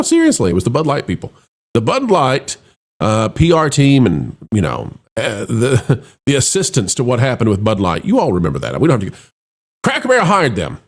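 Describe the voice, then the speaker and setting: A man's voice: huge pitch swings, normal speed. A middle-aged man hosting an opinionated commentary show, talking in a sarcastic, mocking way. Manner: dramatic swings between high and low voice.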